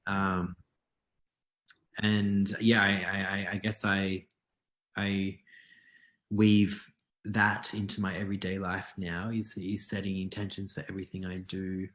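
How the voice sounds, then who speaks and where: A young man speaks softly and reflectively as a podcast guest, his voice sitting a little low. He often restarts his sentences as he chats casually. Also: level tone, a little slow, pauses often. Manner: soft-spoken, reflective, with frequent restarts. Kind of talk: casual conversational interview.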